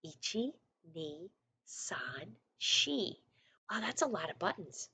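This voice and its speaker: A woman first grade teacher reading a storybook aloud to her class, animated and coaxing, with little asides to the children. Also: fairly high pitch, unhurried, a little hiss or hum.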